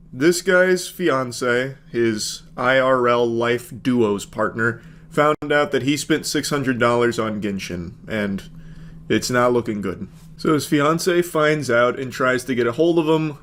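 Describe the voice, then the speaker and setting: A man hosting a comedic commentary video, reading and reacting with sarcastic, deadpan asides. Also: medium pitch. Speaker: commentary host.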